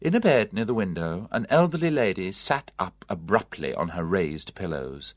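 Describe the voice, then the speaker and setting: An audiobook narrator reading a story in an expressive storytelling manner. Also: low voice, moderate pace, dry recording, studio quality.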